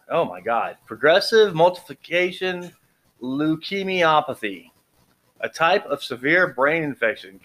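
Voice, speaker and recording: A man's voice: a little high, fairly bright tone. A man reading out medication side effects in a casual vlog, tripping over long medical words and adding dry, joking asides. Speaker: vlogger reviewing medications. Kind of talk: casual read-aloud commentary.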